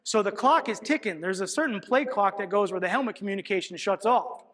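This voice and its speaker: A coach's high, bright-sounding voice rings out with a long reverb tail in a big hall. He tells a game story with animated energy and keeps checking in with his audience of coaches. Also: fairly quick. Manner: animated storytelling, frequent "all right" checks. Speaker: football coach presenting at a clinic. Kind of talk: coaching clinic talk, film breakdown. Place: lecture hall at a coaching clinic.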